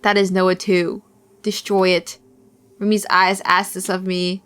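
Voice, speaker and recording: A woman's voice: mid-range voice, little pitch movement, unhurried, fairly bright tone, clear, resonant tone. A young woman streamer reading a visual novel aloud, with playful, giggly asides to chat.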